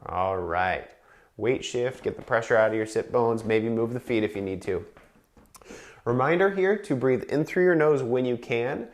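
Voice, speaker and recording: A man leading a chair yoga breathing class, counting breaths slowly and calmly and explaining each exercise. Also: medium pitch, slight background noise. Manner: slow, calm counting with explanations.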